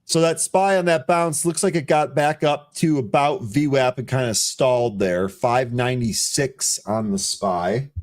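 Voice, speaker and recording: A man co-hosting a live market show, calling out tickers and price moves in quick running chatter. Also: medium pitch. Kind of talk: live trading commentary.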